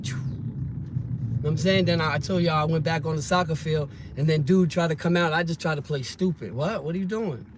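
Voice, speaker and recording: Slangy New man with traffic behind. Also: fairly high pitch. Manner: slangy, rambling, grows loud and heated. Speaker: vlogger telling stories. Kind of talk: casual street storytelling. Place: car and street in the city. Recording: loud traffic and street noise.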